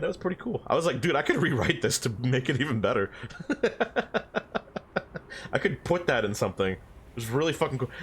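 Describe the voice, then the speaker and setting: A man's voice: medium pitch, a little hiss or hum. Young guy rambling thru a dream story, swears a lot, laughs a bunch. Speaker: streamer.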